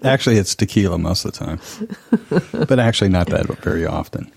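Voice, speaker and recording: A man's voice: sits low, lively intonation, fairly quick, creaky, breathy edge. A man co-hosting a podcast, chiming in with laid-back, reflective remarks. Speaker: podcast producer and co-host. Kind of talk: casual podcast chat.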